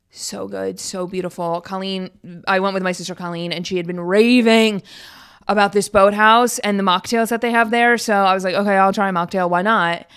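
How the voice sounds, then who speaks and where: Young woman rambling on her podcast, upbeat and chatty, smooth clear voice. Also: medium pitch, fairly bright tone. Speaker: podcast host. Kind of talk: casual solo podcast chat.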